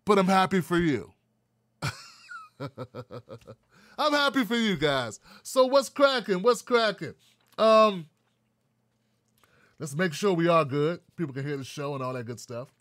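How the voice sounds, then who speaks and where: A man hosts a live political talk show and greets his viewers in a loose, joking way. He makes dry, sarcastic asides. His voice sits a bit high, and the sound is close and dry with no room echo. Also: sing-song, slow pace, pauses often, fairly bright tone. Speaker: show host.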